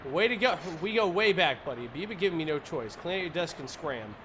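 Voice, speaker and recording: A man's voice: fairly high pitch, lively intonation, a little fast, noisy background, close to an everyday voice. A man voicing a blustering male newspaper editor-in-chief, reading his firing notes in a brash, bossy way.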